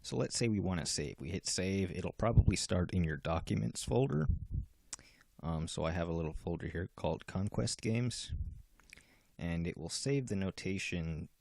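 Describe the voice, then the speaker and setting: With a deep, darkish voice, vocal fry, and lively intonation at normal speed, a man walks through the features of his own game software. His casual, step-by-step demo is full of fillers and restarts, and the recording is dry.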